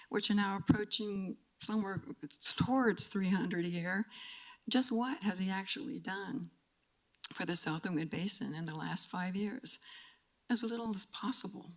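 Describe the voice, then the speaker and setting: A woman's voice: mid-range voice, moderate pace, fairly bright tone. An older woman giving public comment at a council meeting, earnest and emotional, fighting back tears and stumbling over restarts.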